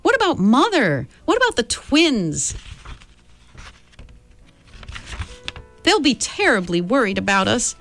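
A worried teenage girl pleading in a plaintive, fretting voice, as a woman reader puts her on. She sounds pitched well above the narration, quick with concern. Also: wildly swooping pitch, fairly bright tone, faint music behind, exaggerated voice. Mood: anxious.

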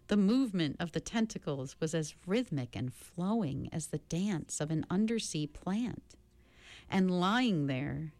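A woman narrating an audiobook in a calm, unhurried manner. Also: sits low, dry recording.

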